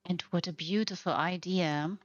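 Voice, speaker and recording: Hosting a game housing showcase, a woman narrates a gameplay tour in a lowish voice at normal speed, sounding gushing, fond, and admiring. The recording is dry yet slightly muffled, with faint music in the background.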